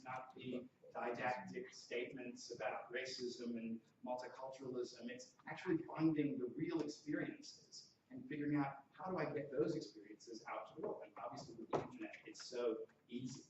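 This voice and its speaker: A man's voice: mid-range voice, moderate pace, noisy background. A man giving a keynote speech, telling anecdotes and acting out the voices of people in them. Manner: anecdotal, acts out quoted voices. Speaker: keynote speaker and poet. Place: large conference hall. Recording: echoey hall, distant and dull.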